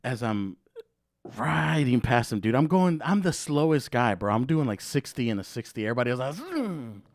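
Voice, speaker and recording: A man's voice: mid-range voice, fast, no room sound, studio quality. A young man hosting a podcast, telling a story in a loose, profane way, full of "dude" and "bro". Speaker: podcast host. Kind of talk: casual podcast chat.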